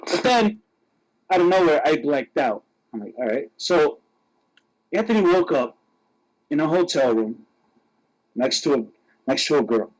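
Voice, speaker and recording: Male podcast co-host, fairly high and very lively, laughing storyteller. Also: unhurried, long pauses, rough recording. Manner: animated, laughing, voices friends in quotes. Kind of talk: casual storytelling.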